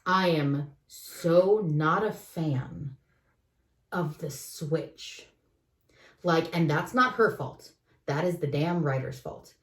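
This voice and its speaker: Woman co-host, judgmental and animated, mic set back in an echoey room. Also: sits low, takes it slowly, distant mic. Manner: opinionated, animated ranting with laughs. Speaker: podcast co-host. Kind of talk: casual chat.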